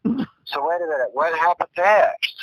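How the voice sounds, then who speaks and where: A man's voice: on the high side, lively intonation, fairly quick, muffled recording, over a noisy crowd. A man in casual chat who interrupts, teases and laughs easily. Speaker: podcast co-host.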